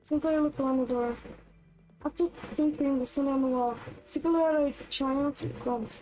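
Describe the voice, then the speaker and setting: A woman's voice: high-pitched, fairly even intonation, fairly quick, warm tone, faint music behind, low-quality recording. A woman streaming a game in casual commentary, reading the on-screen text aloud between chatty reactions.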